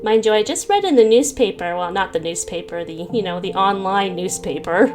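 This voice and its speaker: A woman's voice: mid-range voice, lively intonation, brisk, music in the background. A woman hosting a gaming video, reading a visual novel aloud and breaking off into giggly, self-mocking asides. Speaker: gaming channel host.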